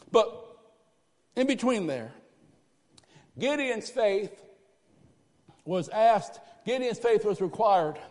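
A man preaching a lively sermon, swinging from loud cries to hushed asides. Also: sits high. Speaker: pastor. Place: church sanctuary. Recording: live church sanctuary with long reverb.

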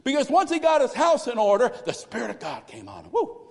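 High-voiced preaching man in echoing church. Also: fast, creaky. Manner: animated preaching, swinging from loud exclamations to hushed asides. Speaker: pastor. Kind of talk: sermon. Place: church sanctuary. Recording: live church sanctuary with long reverb.

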